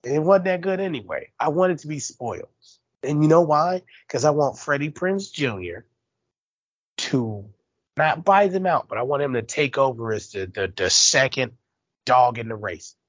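A middle-aged man hosting a podcast, talking bluntly and profanely with quick jabs. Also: medium pitch, expressive, dry recording, muffled recording. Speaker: podcast host. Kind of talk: casual chat.

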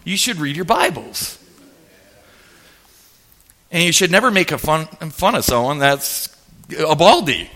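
A male pastor preaching a sermon, telling a story with jokes and animated energy. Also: a little high, unhurried, pauses often.

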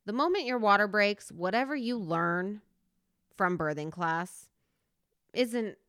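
A woman in her thirties co-hosting a podcast, chatting casually in a rambling, animated way, often laughing. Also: medium pitch, slow, clean tone, no echo, clean studio sound. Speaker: podcast co-host. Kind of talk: casual chat.

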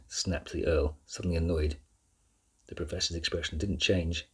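A man narrating a children's novel chapter by chapter in a measured, steady reading. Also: deep voice, breathy edge. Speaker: audiobook narrator. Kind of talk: scripted storybook narration.

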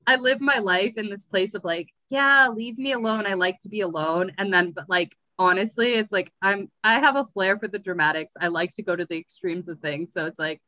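A woman's voice: medium pitch, brisk, few pauses, sharp tone, no echo, poor audio. A woman from the United States in a casual interview, talking in a rambling, chatty way with lots of "like". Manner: chatty, rambling, heavy use of "like". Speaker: guest.

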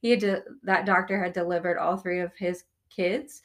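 A woman's voice: fairly low pitch, level tone, normal speed, fairly bright tone. A woman speaking as a podcast guest, candidly recounting a personal story in casual conversation with many "like" fillers. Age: young adult or older.

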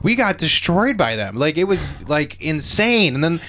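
A man co-hosting a comedy podcast, telling stories in casual chat and jumping into loud quoted outbursts. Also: on the high side, normal speed, slight background noise. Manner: animated storyteller, jumps into loud shouted quotes. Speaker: podcast co-host.

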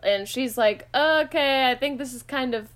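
A woman's voice: high-pitched, moderate pace, fairly bright tone. A woman co-hosting a podcast, recapping a movie plot in casual, wry chat full of "like" fillers. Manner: chatty, wry, lots of "like" fillers.

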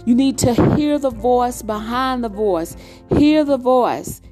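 Woman preacher, kinda high voice, repeats lines over and over for emphasis, soft music in back. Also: slow pace. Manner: repetitive, emphatic preaching cadence. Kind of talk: sermon.

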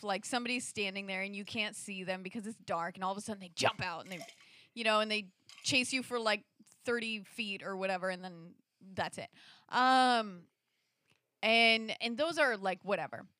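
Bright, lively woman telling a story. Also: mid-range voice, moderate pace, no room sound. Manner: animated, filler-heavy, with lots of "like" and restarts; acts out quoted lines, rising into shrieks. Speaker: storyteller in a conversation. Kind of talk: casual personal anecdote.

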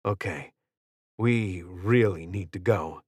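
A gruff, wounded soldier, voiced by a male narrator, terse and wry even when breathless. His voice sits low and close in a dry, audiobook read. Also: slow, no echo, heavily acted.

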